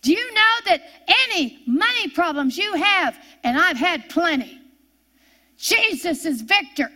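High bright-voiced older woman preaching. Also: expressive, measured pace. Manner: fervent, repeats refrains. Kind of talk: sermon.

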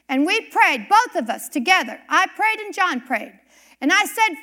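A middle-aged woman preacher telling a personal story in a sermon, animated and emphatic, repeating key lines. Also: extremely high pitch, normal speed. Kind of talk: sermon testimony.

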